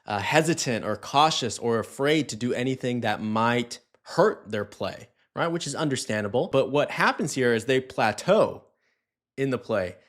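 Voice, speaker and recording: A man's voice: medium pitch, lively intonation, moderate pace, a bit bright. A man giving a casual, conversational dog training lesson, often checking in with "right?" and acting out little scenes. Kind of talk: casual instructional talk.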